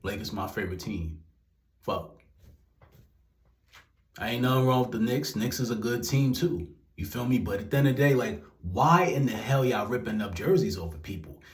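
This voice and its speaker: Young New guy, exasperated profane rant, roomy echoey room. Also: lowish voice. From New York. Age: young adult. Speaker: commentary vlogger. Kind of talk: ranting commentary. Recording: roomy echo.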